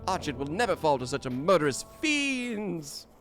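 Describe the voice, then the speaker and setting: A man's voice: a little high, sing-song, normal speed, a bit bright, faint music behind. A man voicing a grieving young man who swears revenge, reading game dialogue aloud in a dramatic, anguished way. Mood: vengeful.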